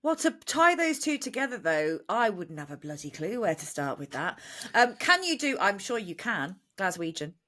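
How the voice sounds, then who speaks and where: A woman's voice: medium pitch, sing-song, normal speed, hardly any pauses, bright, forceful tone. A woman co-hosting a podcast, playful and enthusiastic in casual chat. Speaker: podcast co-host.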